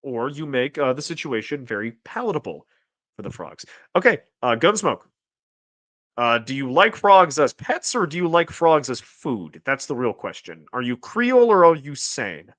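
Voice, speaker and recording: A man hosting a casual livestream, reading chat aloud and rambling, with restarts and sudden excited jumps in pitch. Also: normal speed, no room sound. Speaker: streamer host reading chat.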